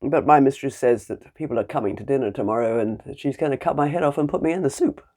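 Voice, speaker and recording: A woman's voice: extremely low pitch, fast talker, dark tone. A woman voicing a worried farmyard rooster who fears ending up in the soup, in a plaintive storytelling voice.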